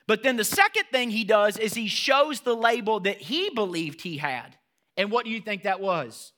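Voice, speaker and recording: Male pastor preaching a sermon, emphatic with rhetorical questions; forceful, slightly high voice. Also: lively intonation, normal speed.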